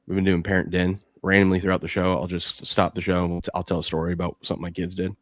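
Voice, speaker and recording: Deep guy hosting a sports picks show, dry close mic, talks fast and lively. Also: no echo. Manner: animated storytelling, reads ad copy quickly. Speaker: sports betting show host. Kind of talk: casual sports chat.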